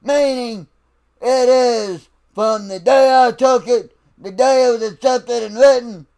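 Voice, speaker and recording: A man barks out a profane political rant in a drill-sergeant style, his voice pushed very high and rough with gravel. He drives every word home slowly, yet the tone stays resonant and full. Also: darkish tone. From United States. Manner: slow, emphatic, lecturing. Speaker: vlogger.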